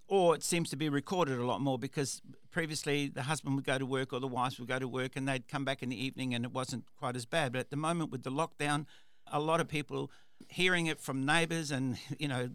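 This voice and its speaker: A man's voice: a little high, a bit bright, smooth, no room sound. A man hosting a radio talk show, telling a story in a rambling way, with repeated words and restarts. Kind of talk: casual storytelling monologue.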